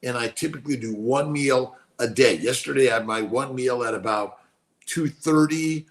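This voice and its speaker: A man's voice: medium pitch, normal speed. A man in his late sixties hosting a casual live stream, talking with enthusiasm, repeating himself, and slipping into preaching. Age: 60s. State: speaking quietly while someone sleeps. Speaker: host.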